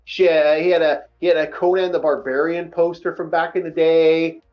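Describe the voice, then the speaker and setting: High-voiced man telling a profane story. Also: normal speed. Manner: animated, profane, acts out dialogue. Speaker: podcast host telling a story. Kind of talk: casual storytelling. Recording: dull lo-fi recording.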